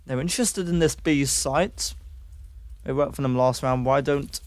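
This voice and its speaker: Man casting an esports match, excitable. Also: mid-range voice, a little slow, dry recording, clean studio sound. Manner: excitable, jumps up on kills, chats with stream viewers. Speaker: esports caster. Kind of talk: play-by-play commentary.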